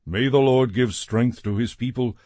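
A man reading scripture aloud in a measured, solemn way. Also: mid-range voice, mellow, dry recording. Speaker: scripture reader.

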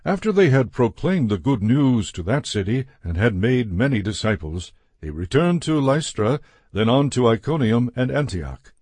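A man giving a measured, steady reading of a Bible passage as scripted narration. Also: medium pitch, no room sound. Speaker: scripture reader.

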